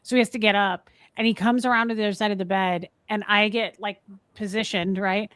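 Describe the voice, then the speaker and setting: On a casual live stream, a woman co-host tells a story with animated energy and thanks viewers by name. Her voice is medium-pitched, clear, and resonant, a little fast, with no echo.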